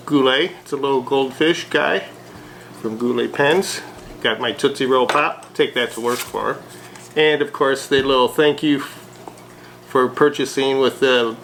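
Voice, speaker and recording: A man vlogging a casual unboxing of a fountain pen, chatty and relaxed with frequent hesitations. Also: fairly high pitch, noisy background.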